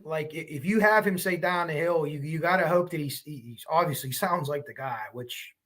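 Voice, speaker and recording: Man on a livestream, kinda high bright voice, rambly, reading comments out loud. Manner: rambling, chatty, reacts to comments as he goes. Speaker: true crime livestream host. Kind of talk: casual livestream chat reading viewer comments.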